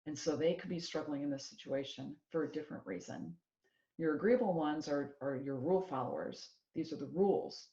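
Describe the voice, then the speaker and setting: A middle-aged woman from Iowa, an executive coach giving an animated presentation and acting out quoted voices. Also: deep voice. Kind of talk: motivational presentation. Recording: echoey room, dull lo-fi sound.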